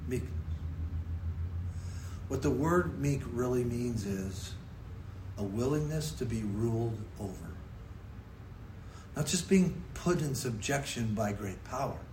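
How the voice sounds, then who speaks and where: A man preaching a sermon in a conversational, storytelling manner, sometimes putting on quick mock voices for effect. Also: mid-range voice, lively intonation, noisy background. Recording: echoey room with faint ambience.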